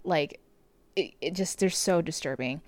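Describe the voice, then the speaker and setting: Podcast host, female, lower voice, dry close sound, giggly and rambling, casual late-night chat. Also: measured pace, darkish tone, no echo. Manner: giggly, rambling with many fillers. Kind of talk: casual chat recapping a movie.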